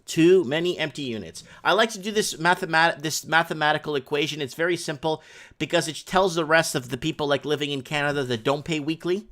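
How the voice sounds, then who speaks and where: A male host reads housing market news aloud in a casual talk show style. He breaks off into rambling opinions and does his arithmetic out loud. His delivery is loose and conversational. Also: fairly high pitch, fast. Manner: rambling asides, works sums out loud. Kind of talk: reading news aloud with commentary.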